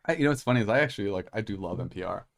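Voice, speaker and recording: A man's voice: fairly low pitch, expressive, very fast, creaky. A young man co-hosting a podcast, chatting casually in a rambling way, full of filler words and swearing. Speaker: podcast co-host. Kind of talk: casual chat.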